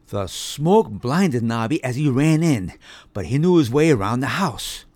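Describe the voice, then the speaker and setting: A man's voice: medium pitch, sing-song, measured pace, a little mellow, dry recording. A man narrating a children's storybook, reading expressively into a close mic. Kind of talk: audiobook narration.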